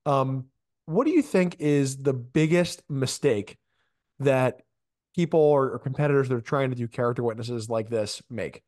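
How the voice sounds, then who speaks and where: Male podcast host, halting and casual, dry close sound. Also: medium pitch, a little mellow, dry recording. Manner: halting, lots of fillers. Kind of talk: casual interview.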